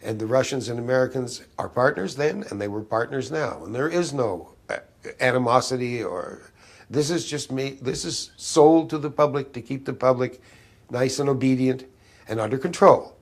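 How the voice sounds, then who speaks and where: Man in his seventies, interview guest, halting, rambling, conspiratorial. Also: mid-range voice. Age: 70s. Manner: halting, many restarts and fillers, conspiratorial tone.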